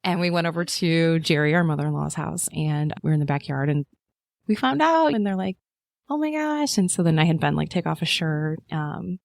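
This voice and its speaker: Low-voiced woman telling a story. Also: a little fast, creaky, no room sound, studio quality. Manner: animated storyteller, acts out quotes in a high voice, many fillers. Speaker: podcast guest. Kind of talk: casual chat.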